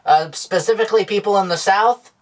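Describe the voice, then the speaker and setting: Dude playing a deadpan market seller guy, kinda high voice, totally matter-of-fact, improv sketch. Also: brisk, natural voice. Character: deadpan male market vendor selling odd goods.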